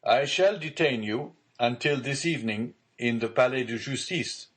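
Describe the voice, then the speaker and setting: A man's voice: medium pitch, normal speed, a bit bright, pitched above the performer's own voice, close to an everyday voice. A man reading the part of a pale, frightened magistrate who gives urgent, tense orders. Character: pale frightened male magistrate, anxious, commanding.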